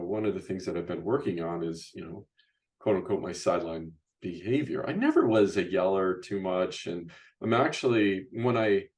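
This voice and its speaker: Middle-aged male host, low voice, loose conversational delivery full of restarts. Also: darkish tone. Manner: rambling, frequent restarts and "you know, right?" tags. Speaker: podcast host and youth basketball coach. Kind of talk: casual interview chat.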